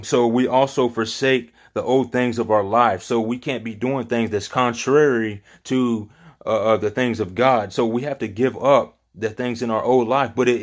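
Earnest, rambling man leading Bible study. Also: medium pitch. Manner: earnest, rambling, searching for words. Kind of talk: informal Bible study talk.

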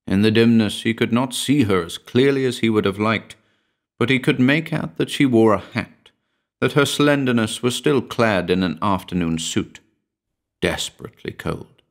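A man giving a measured, brooding scripted narration of a horror story. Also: fairly low pitch.

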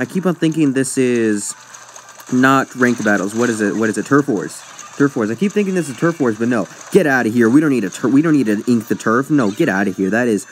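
A man's voice: mid-range voice, a little hiss or hum. A young man commenting casually on his online match, rambling and sidetracked, joking at his own expense. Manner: rambling, self-mocking, easily sidetracked. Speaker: gaming YouTuber. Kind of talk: casual let's-play commentary.

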